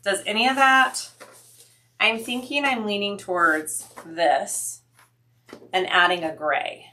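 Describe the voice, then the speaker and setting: A woman's voice: mid-range voice, fairly even intonation, takes it slowly, sharp tone, a little hiss or hum. A woman hosting a sewing livestream, chatting casually with viewers, thinking aloud and answering their comments.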